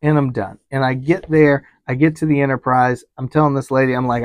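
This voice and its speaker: A man's voice: medium pitch, steady tone, a little fast, few pauses, no room sound. A man who works as a travel advisor, animatedly retelling a trip story with quoted dialogue and frequent fillers. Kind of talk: storytelling vlog.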